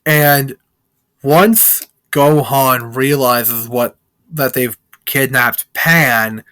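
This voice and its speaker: A man's voice: medium pitch, drawn-out words, fairly bright tone, clear, resonant tone, dry recording. A man reviewing a film in a casual, rambling plot recap, heavy with filler words.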